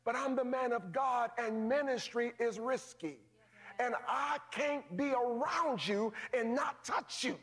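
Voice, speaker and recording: A man preaching a sermon as pastor, calling out to his congregation, swinging from shouts to hushed low tones. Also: unhurried. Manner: calls out to the congregation, folksy phrasing.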